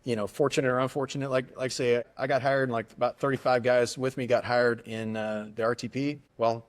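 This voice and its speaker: A man's voice: mid-range voice, little pitch movement. A middle-aged man, a retired army aviator, talking casually and earnestly in an interview, often restarting his sentences. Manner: earnest, halting with many restarts. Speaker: guest, retired army aviator turned airline pilot.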